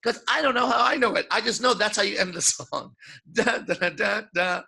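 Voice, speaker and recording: A man's voice: sits high, moderate pace, vocal fry, pushed and bright, breathy edge. A man giving a live lecture as a seduction coach, profane and playful, acting out his examples.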